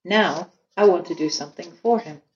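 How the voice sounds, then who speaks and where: A woman voicing a big, strong, gentle male ox in a storybook reading. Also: fairly low pitch, normal speed, close to an everyday voice. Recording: echoey room, dull lo-fi sound.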